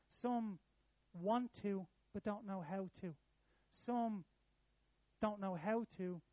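A man preaching a sermon in an earnest way, rising in pitch and volume when he repeats a phrase. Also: dark tone, dry recording, muffled recording.

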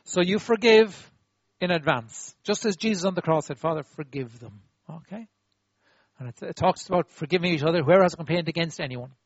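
A man with a high voice preaches with animated, demonstrative energy, acting out apologies and drawing the audience in. The sound is dry and a little dull. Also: brisk, dry recording. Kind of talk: sermon.

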